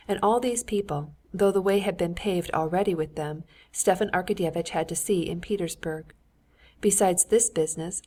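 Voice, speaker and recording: A woman narrating a classic novel as an audiobook, steady and measured. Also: on the low side. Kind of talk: scripted narration.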